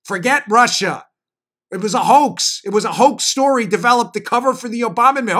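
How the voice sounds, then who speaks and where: A man's voice: high-pitched, lively intonation, bright, forceful tone. A man with a New York accent hosting a political talk podcast, arguing emphatically and reading ads. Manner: emphatic, rapid, argumentative delivery. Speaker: political talk show host. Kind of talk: political commentary podcast with ad reads.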